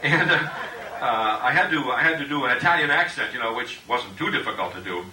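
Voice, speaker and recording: A middle-aged man giving a joking roast speech at a party, halting with many uhs and laughing at his own jokes. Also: medium pitch, animated, crowd noise. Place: party room with guests. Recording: echoey room, distant mic, background noise.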